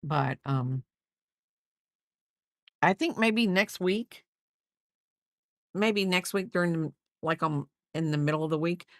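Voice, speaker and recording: A woman's voice: sits low, slow pace, long pauses, dry recording, clean studio sound. A middle-aged woman hosting a crochet livestream, chatting casually and teasing, often laughing. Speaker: livestream host. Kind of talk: casual chat while crocheting on stream.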